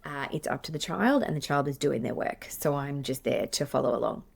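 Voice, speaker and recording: A woman's voice: very deep voice, brisk, gravelly, a little mellow, slightly rough. An Australian woman, a play therapist, hosting her podcast and teaching in a chatty, self-deprecating way with many fillers and restarts. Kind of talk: casual teaching monologue.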